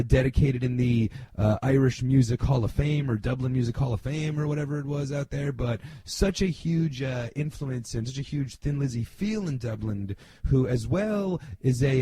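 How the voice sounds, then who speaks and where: A man's voice: mid-range voice, mellow. A middle-aged man from New Jersey hosting a podcast, talking in a casual, rambling monologue full of fillers, blunt and sometimes swearing. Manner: rambling, many fillers and restarts. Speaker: podcast host.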